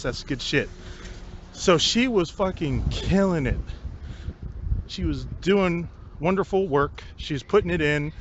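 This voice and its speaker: Guy ranting about his day, cusses constantly, laughs a lot, slightly high voice, dull lo-fi sound. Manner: profane, laughing often, animated storytelling. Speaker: vlogger. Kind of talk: casual storytelling rant. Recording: dull lo-fi recording with faint noise.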